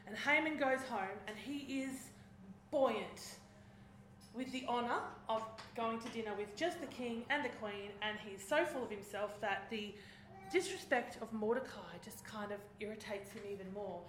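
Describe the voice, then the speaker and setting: A woman preaching, retelling a story in a lively way and acting out its voices. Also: fairly high pitch, moderate pace, a little hiss or hum. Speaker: speaker. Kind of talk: sermon storytelling. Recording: echoey hall.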